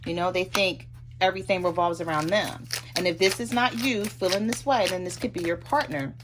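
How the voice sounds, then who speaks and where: Over some background noise, a woman with a lowish voice reads tarot for her audience in a relaxed, talkative way. She keeps slipping into quick asides where she plays out what each partner might say.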